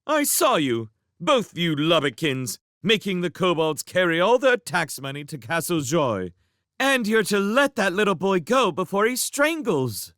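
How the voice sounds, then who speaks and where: Man doing a bold young woman, indignant, accusing, high falsetto-ish voice, bright. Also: big pitch swings, measured pace, dry recording, clean studio sound, exaggerated voice. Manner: calling out accusingly.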